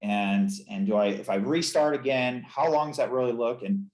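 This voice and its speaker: A man's voice: mid-range voice, normal speed, darkish tone. A man, a chiropractor, telling his story as a podcast guest in an earnest, reflective, emotional way. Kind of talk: candid podcast interview. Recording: roomy echo.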